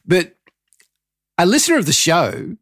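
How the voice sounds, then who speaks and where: A man's voice: high voice, big pitch swings, a little slow, fairly bright tone, dry recording, studio quality. A man hosting a podcast, chatty and friendly, telling rambling anecdotes. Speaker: podcast host. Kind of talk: casual interview chat.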